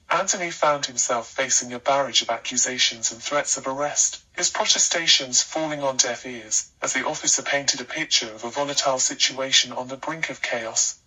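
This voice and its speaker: Bright, husky male storyteller. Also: mid-range voice, fairly quick, few pauses, distant mic, rough recording. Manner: steady, even storytelling delivery. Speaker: narrator. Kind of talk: scripted narration.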